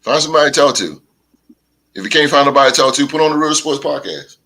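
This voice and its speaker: A man hosting a podcast, telling stories in a casual chat with animated delivery and big laughs. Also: on the high side, poor audio. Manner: animated storytelling, drawn-out laughs. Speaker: podcast host.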